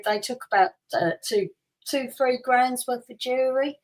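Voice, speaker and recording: The recording is rough, but this woman's energy comes through as she shares a personal tale with a casual, laugh-filled delivery, acting out quotes. A podcast co-host, she speaks high-pitched at a moderate pace.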